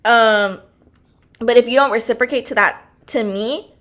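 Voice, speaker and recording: A young woman talks through a casual podcast monologue with a bright, ringing tone that sits a little high. She is chatty and bubbly, frank and fired-up, and she laughs easily between her many filler words. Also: a little slow. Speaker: podcast host.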